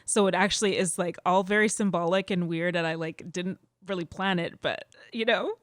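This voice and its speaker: A young musician from Edmonton, Canada, guests on a casual interview, speaking in a fairly low voice at normal speed. She tells stories animatedly, laughs often, and says "like" a lot, recorded with clean studio sound and no echo.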